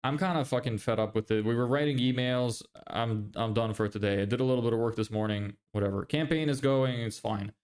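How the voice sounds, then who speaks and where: A man's voice: medium pitch, brisk, hardly any pauses, darkish tone. A young man chatting casually on a livestream, reading viewer messages, swearing and laughing often. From Ireland. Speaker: livestreamer and agency owner.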